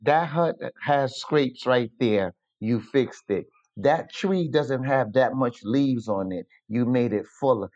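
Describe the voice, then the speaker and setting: A man voicing a blunt, excitable older male healer in a retold story. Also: medium pitch, slow, lightly acted. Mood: excited. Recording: dull lo-fi recording.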